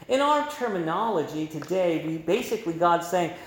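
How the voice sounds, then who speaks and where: A man's voice: high voice, lively intonation, moderate pace, hardly any pauses. A man preaching a sermon, explaining scripture in a conversational way and adding emphasis with quoted voices. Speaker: pastor. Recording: roomy echo.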